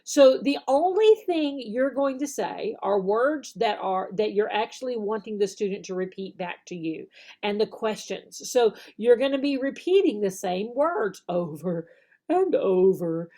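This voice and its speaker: A woman, an online English teacher explaining classroom techniques, often acting out slow, exaggerated example phrases and checking in with "okay?". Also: mid-range voice, expressive, mellow. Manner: demonstrates phrases slowly and exaggerated, tags "okay?". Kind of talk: instructional video talk.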